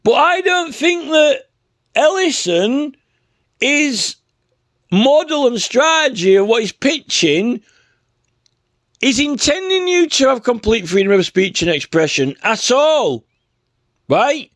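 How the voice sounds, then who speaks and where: A man rants casually and sarcastically, circling back with filler phrases. His voice sits high and swings widely in pitch. The sound is dry and close. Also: very animated, slow, long pauses, a bit bright, no echo. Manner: rambling, peppered with "you know" and "right?"; sarcastic, mocking. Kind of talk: casual spoken rant.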